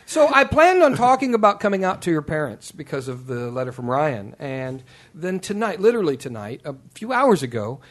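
A man's voice: on the high side, sing-song, brisk, fairly bright tone. A man hosting a casual talk show, rambling with fillers and laughing often, from Kansas City. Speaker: podcast host. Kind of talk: casual chat.

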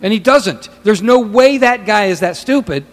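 A man's voice: high-pitched, expressive, normal speed, big-room sound. A man co-hosting a podcast, chatting casually in a profane, rambling way with stammering restarts. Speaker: podcast co-host.

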